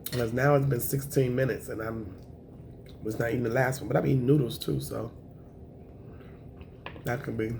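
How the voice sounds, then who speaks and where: A woman, chatting to camera on her eating show, emotional and thankful, with a voice that is raspy at times. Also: rumbling low, steady tone, normal speed, long pauses, darkish tone, a little hiss or hum. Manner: emotional, thankful, says y'all often. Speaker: mukbang vlogger.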